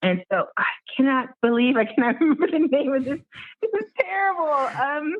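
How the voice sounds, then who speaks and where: A woman guest musician telling a story in an interview, animated and acting out the people she quotes. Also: sits high, brisk. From Miami. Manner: animated, acts out quoted voices. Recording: tinny phone-like line.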